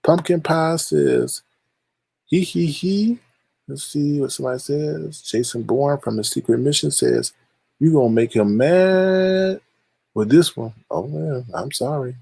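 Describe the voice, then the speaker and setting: A man's voice: a little high, big pitch swings, a little slow, creaky, mellow, slightly rough, no echo. A man hosting a livestream, teasing and shady as he reads viewer chat aloud and gives gossip commentary. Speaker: livestream host reading chat.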